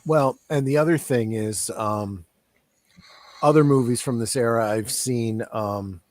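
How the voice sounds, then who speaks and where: A man's voice: medium pitch, a little slow. A man co-hosting a casual movie commentary, thoughtful and trailing off with fillers. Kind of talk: casual film commentary chat.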